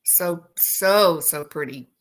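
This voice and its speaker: A woman hosting a casual chat with her viewers, telling animated stories and laughing often. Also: fairly low pitch, takes it slowly. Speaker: host.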